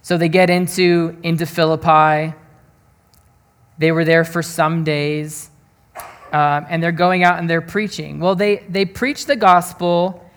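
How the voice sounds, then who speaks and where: A man preaching through a scripture passage in easygoing everyday speech. He is plainspoken and often repeats or restarts his words. He turns to his listeners with quick direct questions. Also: a little high, a bit bright. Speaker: pastor. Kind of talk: conversational Bible teaching.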